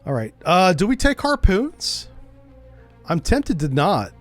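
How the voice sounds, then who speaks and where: A man streaming a game, chatting casually and joking as he thinks out loud. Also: high voice, huge pitch swings, slow pace, no echo, soft background music. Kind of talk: casual gameplay commentary.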